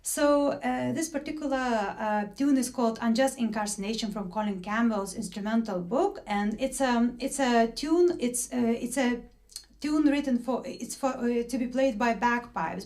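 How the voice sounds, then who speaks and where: A woman's voice: a little high, darkish tone. A woman leading an online singing workshop over a video call, explaining patiently with frequent fillers and restarts.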